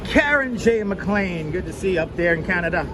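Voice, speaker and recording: A man's voice: high voice, lively intonation, moderate pace. A man livestreaming as he walks through city streets, chatting casually and greeting viewers by name, on a wireless clip-on mic. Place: outdoors on busy city streets in summer heat. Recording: street traffic noise behind.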